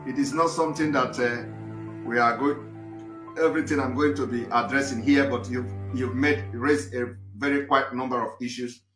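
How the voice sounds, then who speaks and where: A man's voice: medium pitch, steady tone, moderate pace, reverberant, over music. Hesitant Nigerian man hosting a call-in. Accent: Nigerian English. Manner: hesitant, many fillers and restarts. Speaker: host. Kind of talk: live call-in show.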